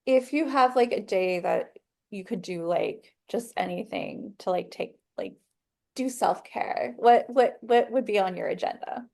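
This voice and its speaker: A young woman from the US Northwest hosting a podcast, asking questions haltingly with many fillers. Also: mid-range voice, vocal fry, a little mellow. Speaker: podcast host. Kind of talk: casual interview chat.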